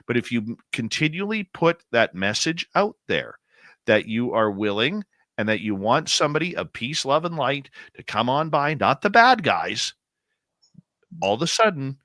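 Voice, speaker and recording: A man with a bright, sharp tone and a lively, swinging pitch explains things earnestly, listing steps one by one. His voice sounds dry and close. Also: no echo. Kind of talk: casual talk radio chat.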